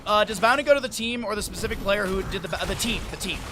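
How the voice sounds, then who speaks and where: A man's voice: sits high, background noise. A man casting a live esports match, calling the plays and chatting with viewers in chat. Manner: rapid play-by-play calls with chatty asides to chat. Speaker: esports caster. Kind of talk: live esports play-by-play commentary.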